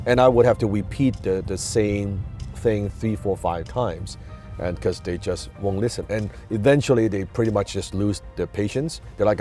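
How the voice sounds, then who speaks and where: A man's voice: lowish voice, moderate pace, dark tone, faint music behind. A man with a non-native English accent gives an emphatic motivational talk, repeating key words and asking rhetorical questions. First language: not English. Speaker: business and communication coach.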